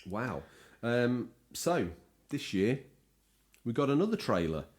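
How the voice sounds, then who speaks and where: A man's voice: mid-range voice, very animated, takes it slowly. A man co-hosting a casual gaming podcast, teasing his co-host and slipping into hammy voice impressions. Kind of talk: jokey casual podcast chat.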